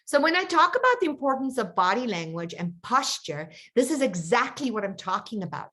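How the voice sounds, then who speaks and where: Brief: woman coach, storytelling to her group, bright higher voice, pitch jumping all over. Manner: animated, chatty storyteller addressing her group. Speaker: confidence coach. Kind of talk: storytelling in an online coaching session.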